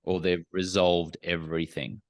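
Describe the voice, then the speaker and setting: A man answers interview questions candidly, measured and thoughtful. His voice sits low. The sound is dry, with little room around it. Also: little pitch movement, no echo. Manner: frank, self-examining, measured. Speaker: podcast guest. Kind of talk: candid, reflective interview talk.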